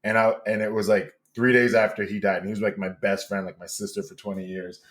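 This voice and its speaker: Loud campy new york guy telling a story on a podcast, laughs a lot. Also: on the low side, little pitch movement, fast. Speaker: podcast guest. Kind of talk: animated storytelling.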